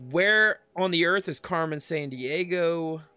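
A man's voice: a little high, measured pace, sharp tone, clear, resonant tone, faint music behind. A man in his thirties co-hosting a casual chat, upbeat and laughing often as he reads viewer comments and runs through lists. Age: 30s. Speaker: podcast co-host.

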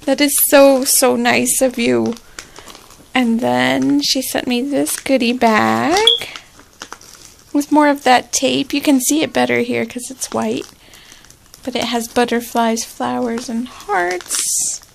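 A woman vlogger chatting casually through an unboxing, gushing and excitable, with squealing exclamations. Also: high-pitched, slow pace, gravelly, slight background noise.

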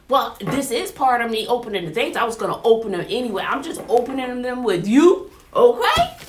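A teacher, chatting excitedly to viewers while unboxing supplies in her classroom. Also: a little high. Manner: animated, exclaiming, chatty with viewers. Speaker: teacher and vlogger. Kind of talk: casual unboxing chat to viewers. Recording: roomy, distant camera mic, faint noise.

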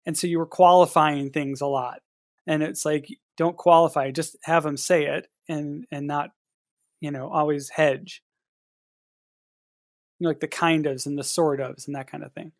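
A man co-hosting a casual writing podcast, talking in a measured, hesitant way with many fillers. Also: on the high side, fairly even intonation, no room sound, clean studio sound. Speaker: podcast co-host and editor.

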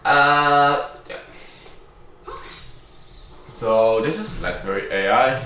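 A man's voice: medium pitch, drawn-out words, long pauses, pushed and bright, soft background music. A man giving casual, rambling let's-play commentary, joking and correcting himself, recorded on a mic far from him. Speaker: gaming YouTuber. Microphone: far from the speaker. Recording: very echoey, distant mic, faint noise.

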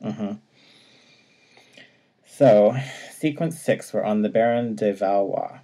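A man's voice: on the low side, takes it slowly, mellow. A man casually recapping a video game story, now and then acting out lines and laughing. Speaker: podcast co-host.

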